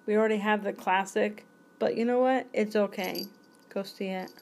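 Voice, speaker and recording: A woman's voice: medium pitch, steady tone, normal speed, creaky, a little mellow, a little hiss or hum. Chatty woman in her forties, podcasting. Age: 40s. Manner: chatty, goofy, jumps between topics. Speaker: podcast host. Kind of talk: rambling solo podcast chat.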